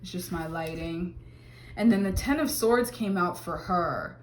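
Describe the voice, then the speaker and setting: A woman's voice: on the low side, measured pace, reverberant, a little hiss or hum. A woman giving a casual tarot reading to camera, chatty, with many fillers and exclamations. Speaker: tarot reader.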